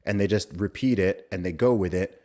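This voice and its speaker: A man's voice: low-pitched, fairly quick, darkish tone. A man hosting a podcast conversation, talking emphatically and repeating his points. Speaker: podcast host. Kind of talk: casual conversation.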